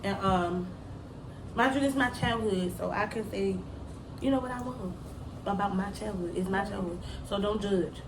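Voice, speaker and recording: A woman's voice: mid-range voice, moderate pace, roomy sound, background noise. A middle-aged woman telling a story from her school days in a casual chat, slangy and laughing often. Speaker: mother telling a story on a daughter's channel.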